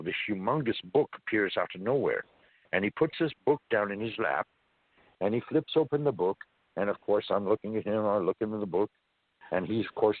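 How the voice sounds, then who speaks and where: Husky-voiced man telling a story by phone. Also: on the low side, dry recording. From California. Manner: animated, folksy storyteller. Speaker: interview guest. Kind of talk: first-person storytelling. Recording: dry muffled phone line.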